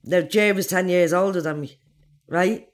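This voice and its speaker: A woman's voice: on the low side, unhurried. Blunt, foul-mouthed Irish woman in her forties. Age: 40s. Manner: blunt, swears freely, acts out others' lines. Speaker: interviewee. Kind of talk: recounting her life story.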